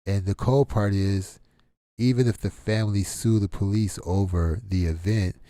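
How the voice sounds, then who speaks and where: Man, middle-aged, low pitch, dark mellow tone, blunt and exasperated commentary, dry close sound. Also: fairly even intonation, moderate pace, no room sound. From Detroit. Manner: blunt, exasperated, rhetorical questions. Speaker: channel host. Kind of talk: casual commentary monologue.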